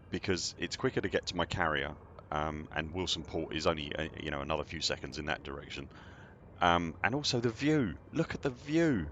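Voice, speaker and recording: Casting: male streamer, low voice, chatty and self-deprecating, faint ambience behind. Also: fairly bright tone, slight background noise. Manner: chatty, self-deprecating, greets viewers by name. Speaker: game streamer. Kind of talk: casual live-stream chat.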